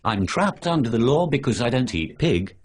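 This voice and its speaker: A man's voice: mid-range voice, very animated, moderate pace. A male synthetic voice playing a sarcastic superhero who lectures his friend about refusing pork, reeling off lists of things. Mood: arguing. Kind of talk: synthetic animated dialogue.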